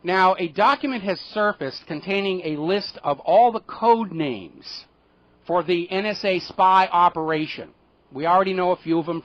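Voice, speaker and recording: A man's voice: high voice, a bit bright, dull audio. A middle-aged American man hosting a radio talk show, editorializing solo with an indignant, sardonic manner.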